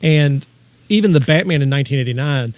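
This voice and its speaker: A man co-hosting a casual podcast chat, telling stories quickly and excitedly and reading news items aloud. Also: fairly high pitch, no room sound. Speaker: podcast co-host.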